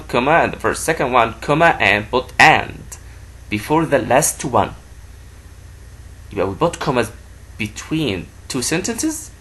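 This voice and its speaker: Slow, lively-voiced man teaching children. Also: medium pitch, breathy edge. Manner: slow, repeats words for a child to say back. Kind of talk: grammar lesson to children.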